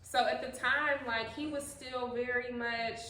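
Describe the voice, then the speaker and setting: Young woman, bright high-ish voice, animated storyteller, echoey room, mic kinda far. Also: a little slow, slight background noise. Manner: animated storyteller, acts out scenes with big laughs. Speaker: host. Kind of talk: casual chat between mom friends.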